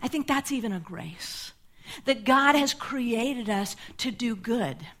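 A woman pastor giving a sermon, teaching in a measured way, stressing key words and checking in with "right?". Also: a little high, expressive, fairly bright tone.

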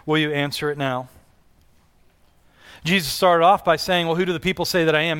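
A man's voice: fairly high pitch, fairly bright tone, clear, resonant tone. A man preaching a sermon in an earnest style, with rising and falling delivery and repeated questions to the congregation. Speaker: pastor.

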